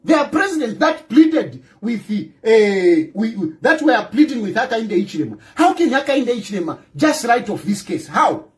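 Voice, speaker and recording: A man with a Zambian accent rants about politics in a fierce, animated voice that swings up and down. He drives each point home by repeating himself and throwing rhetorical questions at the listener, and he slips local-language phrases in among the English. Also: extremely high pitch, normal speed, hardly any pauses. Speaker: political commentator. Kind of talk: ranting monologue.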